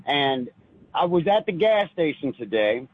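A man calling in to a radio show, telling a personal religious story in an earnest, halting way with frequent restarts. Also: on the high side, very animated, breathy edge, no room sound. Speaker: caller. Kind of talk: phoned-in personal testimony. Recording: tinny phone line.

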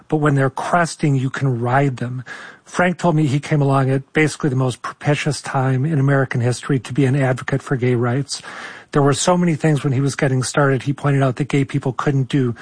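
Male radio reporter, voice going hoarse, dry studio sound, explains at a steady pace. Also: medium pitch, no echo. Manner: apologetic, measured explanation. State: losing his voice. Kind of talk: news interview.

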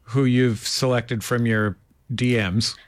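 A man's voice: mid-range voice, steady tone, takes it slowly, no echo, studio quality. A man hosting an interview, chatting casually and joking playfully with his guest. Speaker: interview host.

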